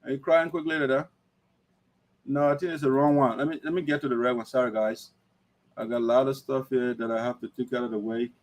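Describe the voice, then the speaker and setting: A man's voice: mid-range voice, fairly even intonation, quick pace. A man hosting an online talk show, lecturing emphatically in livestream commentary. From Liberia.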